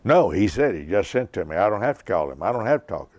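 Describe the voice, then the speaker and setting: A man in his seventies preaching a sermon slowly and emphatically, repeating key lines. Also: on the low side, big pitch swings, a little mellow, no room sound. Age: 70s. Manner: slow, emphatic preaching with repetition.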